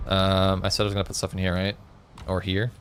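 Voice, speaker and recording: A man's voice: deep voice, completely flat delivery, quick pace, slight background noise. Chatty male game streamer. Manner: chatty, reads out chat, frequent fillers. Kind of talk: casual live-stream chat while gaming. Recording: faint music behind.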